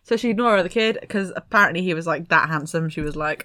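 A woman's voice: on the low side, quick pace, bright, forceful tone, dry recording. A woman co-hosting a podcast, chatting casually and giggling as she tells history with asides. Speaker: podcast co-host. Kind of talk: casual chat.

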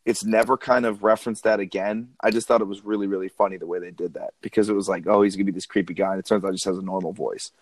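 A man co-hosting a casual chat, talking in a relaxed, laid-back way. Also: fairly low pitch, fast, few pauses, no room sound.

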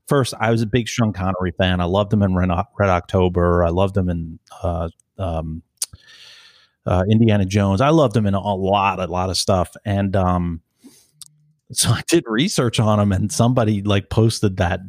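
A man's voice: low voice, normal speed, darkish tone, no echo, clean studio sound. A man co-hosting a podcast, chatting casually in a profane, rambling, jokey way. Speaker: podcast co-host. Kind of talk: casual chat.

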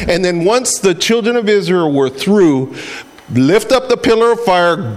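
Preacher, man, middle-aged, from Hawaii; higher voice, chatty, acts out a story with sound effects. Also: expressive, unhurried. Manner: conversational, repeats words. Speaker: pastor. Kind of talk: casual sermon.

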